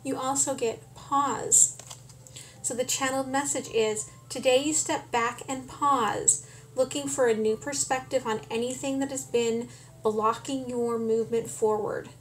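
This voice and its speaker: A woman giving a tarot reading, speaking calmly and often checking in with "okay?". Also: high voice, measured pace, slight background noise. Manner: calm, frequent "okay?" check-ins. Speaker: tarot reader.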